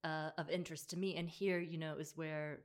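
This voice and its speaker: A woman with a notably low voice talks in an easy, conversational way. She thinks aloud, circling back with fillers and restarts as she goes. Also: flat delivery, fairly quick. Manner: thoughtful, with frequent fillers and restarts. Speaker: bookshop podcast host. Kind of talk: casual conversational discussion.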